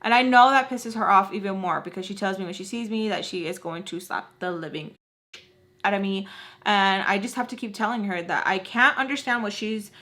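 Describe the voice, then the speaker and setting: Young woman, storytime vlogger, animated, slangy, frank, casual storytelling. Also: medium pitch, fairly quick.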